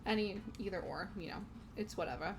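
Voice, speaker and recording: A woman's voice: medium pitch, brisk, noisy background. Giggly young woman streamer. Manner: giggly, chatty, talks to chat. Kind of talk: casual gaming stream chat. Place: home room.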